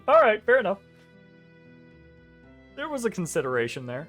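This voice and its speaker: A man narrating as game master of a tabletop game, rambling and correcting himself with quick laughs. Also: high voice, huge pitch swings, fairly bright tone, faint music behind. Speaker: dungeon master.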